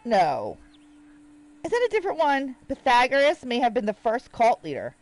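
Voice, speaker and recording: A woman's voice: on the high side, huge pitch swings, moderate pace, soft background music, poor audio. A woman live streaming a game, chatting casually, reading text aloud and riffing with jokes for her viewers. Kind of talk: casual livestream chat while gaming.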